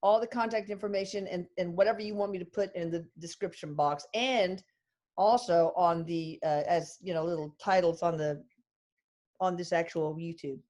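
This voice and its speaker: A middle-aged woman with a Texan accent hosting a casual group chat, chatty and quick to laugh. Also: fairly low pitch, darkish tone. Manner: chatty, laughing, drawling y'all. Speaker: host.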